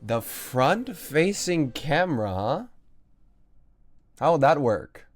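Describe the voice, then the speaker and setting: A man's voice: a little high, big pitch swings, slow, faint music behind. A man streaming a game, chatting casually with a sarcastic, teasing manner and frequent swearing. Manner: sarcastic, teasing, mock-arguing with chat.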